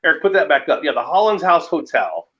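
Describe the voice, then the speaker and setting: Animated man telling a ghost story. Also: fairly high pitch, brisk, highs cut off. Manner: animated storyteller, laughs often. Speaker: guest. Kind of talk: casual storytelling.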